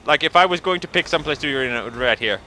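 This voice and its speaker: A man's voice: fairly high pitch, expressive, racing, bright, forceful tone. A man rambling sarcastically and joking while commenting on his gameplay. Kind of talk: let's play commentary.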